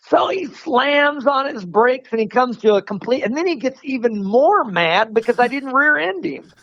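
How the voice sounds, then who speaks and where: A man telling a story in a casual, animated way, often laughing and restarting his sentences. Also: extremely high pitch, moderate pace, no echo, dull audio. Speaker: martial arts instructor, podcast guest.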